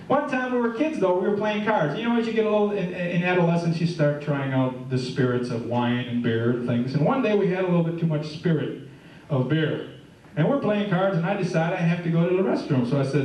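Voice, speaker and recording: A middle-aged stand-up comic chats with the audience and cracks jokes on stage before a live crowd. His high voice is a little mellow, with lively intonation and a quick pace, captured from afar in a reverberant room.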